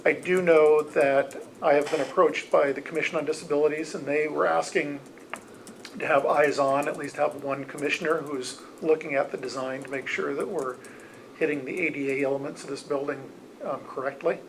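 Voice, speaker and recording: A man serving as mayor, answering questions at a city council meeting in a measured, halting way with many fillers. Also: fairly high pitch, fairly even intonation, vocal fry, slight background noise, low-quality recording.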